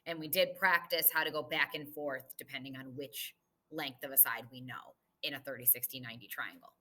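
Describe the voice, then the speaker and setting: A woman's voice: a bass voice, fairly even intonation, fairly quick, sharp tone. A woman teacher recording a math lesson review, explaining patiently step by step as she writes on the board.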